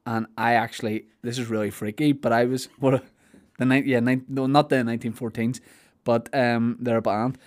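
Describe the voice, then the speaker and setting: A man's voice: medium pitch, flat delivery, normal speed. A man with a Belfast accent chatting casually on a podcast, rambling and joking and acting out silly voices. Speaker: podcast host. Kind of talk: casual comedic chat.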